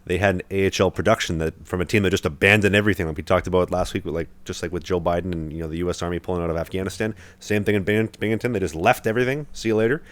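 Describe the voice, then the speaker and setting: A man's voice: sits low, dry recording. A young man hosting a podcast, telling a long story in casual chat with lots of fillers and restarts. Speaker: podcast host, hockey goalie.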